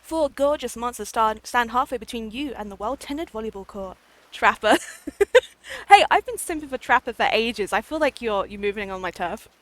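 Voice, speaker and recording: Giggly high-voiced woman streamer. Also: expressive, normal speed, dry recording. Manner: giggly, playful, chatty. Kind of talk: live game stream, reading game text aloud. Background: faint game music.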